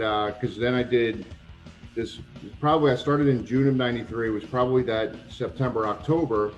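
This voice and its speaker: A man guest in a casual interview, telling lively anecdotes and acting out the people he quotes. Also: on the low side, muffled recording. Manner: animated anecdotes, acts out quoted voices, swears. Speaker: retired pro wrestler, guest.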